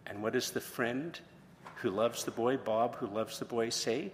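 A man's voice: mid-range voice, moderate pace, big-room sound, slight background noise. A man preaching a sermon, retelling a story and then posing questions to the congregation. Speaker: pastor.

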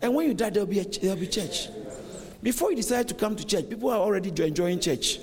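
Animated pastor in a reverberant hall. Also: male voice, high voice, quick pace. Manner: animated preaching, acts out dialogue. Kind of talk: sermon. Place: church hall. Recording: long reverb in a large hall.

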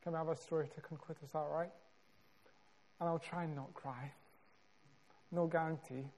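A Scottish man preaching a sermon, telling a story with measured, dramatic pauses and building emphasis. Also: on the high side, fairly even intonation, a little mellow.

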